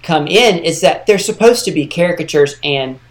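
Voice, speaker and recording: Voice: medium pitch, animated, moderate pace. A podcast co-host in casual chat, explaining points at length.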